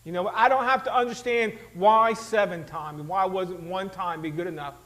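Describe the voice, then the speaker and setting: Male pastor, very high voice, conversational animated sermon delivery. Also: moderate pace, low-quality recording. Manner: animated, conversational, rhetorical questions to the congregation.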